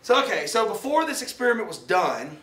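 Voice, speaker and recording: Very animated and fairly quick, a high-pitched man with a fairly bright tone runs a chatty, humorous lecture, drawing his students into discussion with questions. The sound is distant and echoes around the lecture hall.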